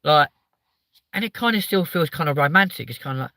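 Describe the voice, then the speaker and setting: A man's voice: a little high, animated, a little fast, sharp tone, no echo. A man with a southern English accent hosting a live stream, chatting casually, swearing a lot and sounding hyper as he reads out viewer comments. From southern England.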